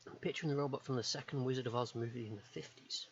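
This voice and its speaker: A man's voice: medium pitch, steady tone, rapid-fire. A man from the United Kingdom streaming live, chatting casually while he draws. He rambles and hesitates with many ums. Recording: dull lo-fi stream mic with faint hiss.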